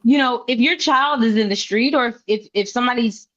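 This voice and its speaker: A woman co-hosting a casual podcast chat, blunt and animated, swearing freely. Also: fairly high pitch, brisk. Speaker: podcast co-host. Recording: dull lo-fi sound.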